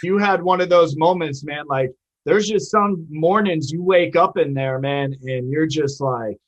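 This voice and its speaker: A man hosts an interview with a slightly raised pitch. He asks his questions in a relaxed, profane, conversational way. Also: a little slow, highs cut off. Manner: laid-back, profane questions. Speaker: interview host. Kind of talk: casual interview.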